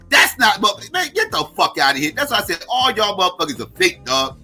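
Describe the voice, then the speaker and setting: A man's voice: high-pitched, huge pitch swings, a little fast, few pauses, bright, forceful tone, slightly rough, soft background music. Heated, profane middle-aged man ranting. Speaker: livestream host. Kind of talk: heated livestream rant.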